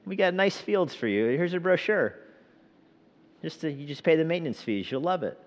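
A preacher, a man, voicing a blustering male envoy who shouts threats and then turns into a mock-friendly salesman. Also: expressive, moderate pace, close to an everyday voice. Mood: salesy. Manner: loud, booming proclamation. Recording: roomy hall, dull sound.

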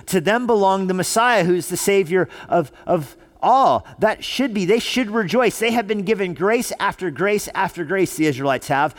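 Pastor guy preaching sunday sermon, kinda high voice, stacks up repeated lines for emphasis. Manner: preaching with rising emphasis and repetition. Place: church sanctuary.

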